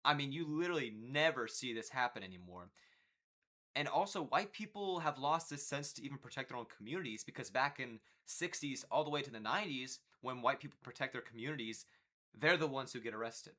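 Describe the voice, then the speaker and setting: A man's voice: medium pitch, animated, fairly quick, sharp tone. A man hosting a podcast interview, speaking emphatically and bluntly. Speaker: podcast host.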